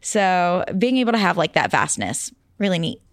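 A young adult woman, a guest in a casual interview, telling stories in an animated way and laughing often. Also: on the low side, moderate pace, no echo, studio quality.

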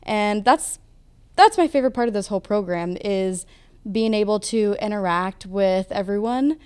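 A woman's voice: mid-range voice, moderate pace, a little mellow, clear, resonant tone. A young woman working as a theme park custodian, telling upbeat stories in a casual interview. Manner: upbeat storytelling.

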